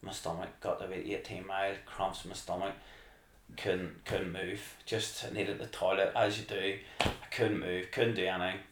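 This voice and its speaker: A man telling a rambling, animated story as a podcast guest. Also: sits low, normal speed, slight background noise. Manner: animated, rambling, acts out his own excited shouting. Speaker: podcast guest, marathon runner. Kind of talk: casual storytelling. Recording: echoey room.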